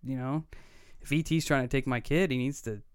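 A man's voice: mid-range voice, fairly quick, smooth, no echo, clean studio sound. Earnest man in his thirties telling stories. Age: 30s. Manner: earnest, vivid retelling with quoted dialogue. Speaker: podcast co-host. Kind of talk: casual storytelling.

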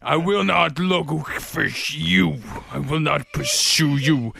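A man doing a put-on American accent as a grim father threatening his daughter's kidnappers, speaking low, intense and halting. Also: vocal fry, bright, forceful tone, heavily acted. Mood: menacing. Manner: low, intense, halting delivery under a speech jammer.

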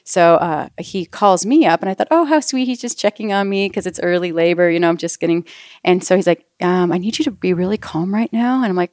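A woman's voice: fairly low pitch, darkish tone, dry recording, clean studio sound. A middle-aged woman chatting casually, telling a personal story and acting out the dialogue. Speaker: guest sharing a birth story. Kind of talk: casual chat.

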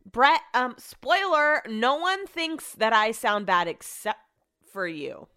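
A sarcastic, chatty woman talks casually from home as a vlog host, swearing freely. Her voice sits at a middling pitch and is recorded dry and close, with no room echo. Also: sing-song, normal speed, pushed and bright, clear, resonant tone. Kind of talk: casual chat.

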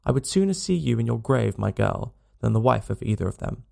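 A man's voice: mid-range voice, lively intonation, fairly quick, vocal fry, dark tone. A man voicing a sturdy, protective old farmer who speaks bluntly and angrily, in a storybook reading. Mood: indignant. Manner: blunt, angry.

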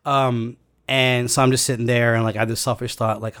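A man telling a long personal story in casual chat, rambling and halting with many fillers and restarts. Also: mid-range voice, level tone, fairly bright tone, clear, resonant tone.

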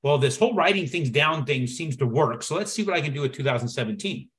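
A man telling a personal story as a podcast guest, acting out the dialogue with lively shifts in his voice. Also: fairly high pitch, fast talker. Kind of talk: storytelling in conversation.

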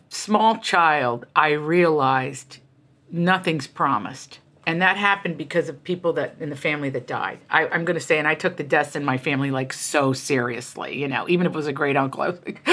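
A middle-aged woman author talks as an interview guest, her lowish voice bright and forceful. She tells stories candidly and emphatically, with animated asides and a driving push behind her words. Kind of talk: candid conversational storytelling.

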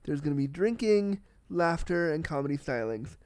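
A man hosting a solo podcast in a casual, candid and excitable way, swearing freely and talking with a slight cold. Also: a little high, moderate pace, no echo. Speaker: podcast host.

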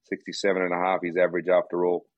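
Aussie guy talking golf bets, low husky voice, kinda dull lo-fi sound. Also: completely flat delivery, very fast, no room sound. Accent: Australian. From Australia. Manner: laid-back, rambling with restarts. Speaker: golf betting analyst. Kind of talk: casual podcast chat.

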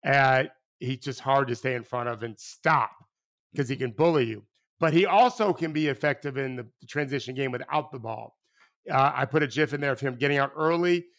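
A man at an ordinary mid pitch chatting on a podcast. He talks like a former coach, animated and rambling, tripping over restarts and dropping the odd swear word. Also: fairly quick. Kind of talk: casual podcast conversation.

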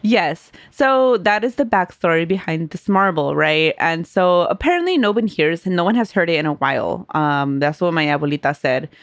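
A woman's voice: on the low side, animated, moderate pace, hardly any pauses, no echo, studio quality. A young woman hosting a podcast, telling a rambling story with lots of fillers and laughs. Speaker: podcast host. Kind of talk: casual podcast chat.

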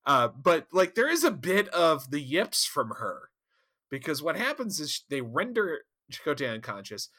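A man co-hosting a casual podcast, recapping an episode in an animated, laughing and profane way. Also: fairly high pitch, moderate pace. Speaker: podcast co-host. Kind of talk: casual chat.

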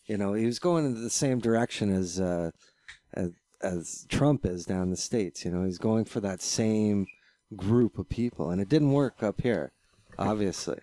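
A man in a casual podcast chat, giving blunt opinions with halting starts. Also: on the low side, warm tone, dry recording. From Canada.

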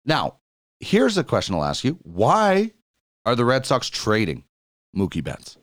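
A Canadian man in his forties, co-hosting a casual sports chat, jokey and lively, jumping up in pitch when excited. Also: a little slow, no room sound, studio quality. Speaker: co-host.

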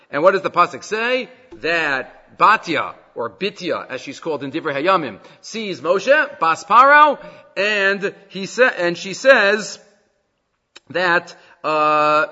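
Man, Torah class teacher, high lively voice, bright tone, dull audio with long reverb. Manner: animated, reads Hebrew verses then translates. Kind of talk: Torah class on the weekly portion.

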